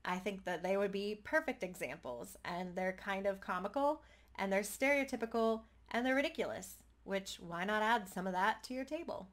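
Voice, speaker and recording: A woman's voice: mid-range voice, expressive. Chatty upbeat woman vlogger. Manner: chatty and upbeat, with quick bursts. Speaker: tabletop gaming vlogger. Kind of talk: casual talk to camera.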